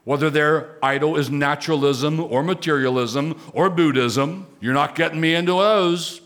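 A man preaching a sermon, moving between quiet, conversational asides and raised, emphatic declarations. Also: fairly high pitch, normal speed. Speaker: pastor.

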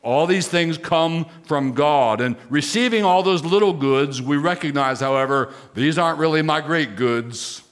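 A man's voice: fairly high pitch, a little slow, few pauses. A male pastor preaching a sermon, emphatic, repeating key phrases and rising sharply on exclamations.

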